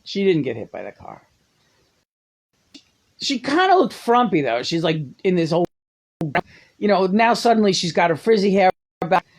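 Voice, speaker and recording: Brief: a woman reviewing a film off the cuff, sarcastic, swearing, with a lively, swooping voice. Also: mid-range voice, moderate pace, long pauses. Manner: profane, sarcastic, laughs often. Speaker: movie reviewer. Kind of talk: casual rambling monologue.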